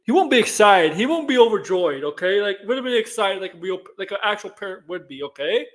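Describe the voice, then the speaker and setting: High-voiced man rambling about movies. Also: animated, fairly quick, a bit bright. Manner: rambling, repeats himself, many restarts. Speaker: co-host of a movie news show. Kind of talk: casual entertainment news chat.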